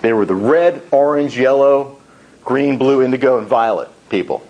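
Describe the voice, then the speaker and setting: A man's voice: medium pitch, lively intonation, normal speed, darkish tone, lo-fi sound, natural voice. A man doing a stern shadow president. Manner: stern, long-winded. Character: stern, self-important male underground shadow president.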